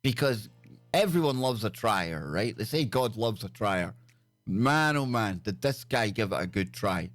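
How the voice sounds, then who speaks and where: A man's voice: lowish voice, lively intonation, a little slow, no echo, faint music behind. A man hosting a live stream, riffing crudely and jokily on odd news stories with stammered restarts. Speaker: show host.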